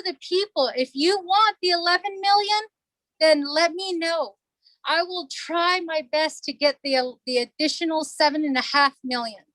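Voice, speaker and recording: Woman, middle-aged, council delegate, community meeting talk, earnest, emotional, repeats points, high voice, dry sound. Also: fairly bright tone, no echo, low-quality recording.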